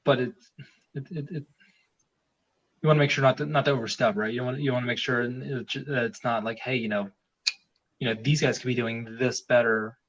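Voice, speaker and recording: A man's voice: mid-range voice, fairly even intonation, brisk, pauses often. A man talking as a podcast guest in a rambling, casual way, with many fillers and restarts. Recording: dull lo-fi sound.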